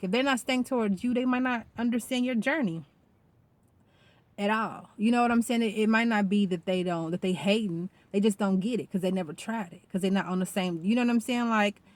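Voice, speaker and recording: A woman talking casually in a vlog, rambling and animated and swearing freely. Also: medium pitch, normal speed. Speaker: vlogger. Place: outdoors.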